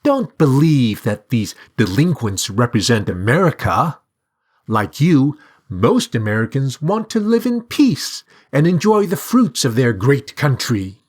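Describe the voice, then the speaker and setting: A man's voice: mid-range voice, big pitch swings, measured pace, pitched above the performer's own voice. A man voicing a talking bird in a storybook reading, soothing and condescending. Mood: reassuring. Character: talking bird, patronizing consoler.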